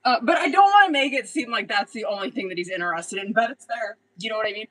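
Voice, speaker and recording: A woman's voice: a little high, animated, fast talker, a bit bright, low-quality recording. A young adult woman doing a casual live tarot reading, blunt and chatty, swearing freely and laughing often. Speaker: tarot reader.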